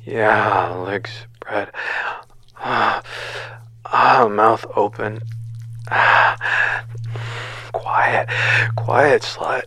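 A man's voice: fairly low pitch, steady tone, extremely slow, bright, forceful tone, slightly rough. A man in a whispered role-play, talking in a domineering, taunting way, with frequent heavy sighs close to the microphone. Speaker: audio role-play performer.

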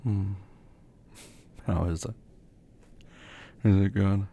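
A young man in a whispered role-play as a caring boyfriend, speaking softly and tenderly, with quiet laughs and murmured hums. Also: low-pitched, steady tone, slow pace, creaky, long pauses, slightly rough.

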